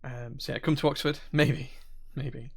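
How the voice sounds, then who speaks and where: A man's voice: medium pitch, fairly even intonation, unhurried, vocal fry, slightly rough. A man from Northern Ireland with a Northern Irish accent, hosting a live stream and chatting casually with viewers, rambling with frequent restarts and fillers. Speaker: livestream host. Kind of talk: casual live-stream chat, reading chat questions.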